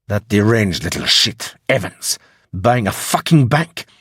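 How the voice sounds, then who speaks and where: A man voicing a cold, arrogant wealthy tycoon in an audiobook, speaking in a clipped, flat way. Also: on the low side, unhurried, slightly rough, dry recording, studio quality, heavily acted.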